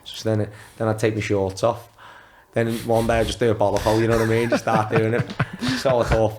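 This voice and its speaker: A man's voice: fairly low pitch, level tone, brisk, noisy background. A man in his twenties, a former footballer guest on a podcast, telling casual anecdotes and acting out quotes in a raised voice, swearing freely. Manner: swears freely, talks in restarts. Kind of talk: casual storytelling.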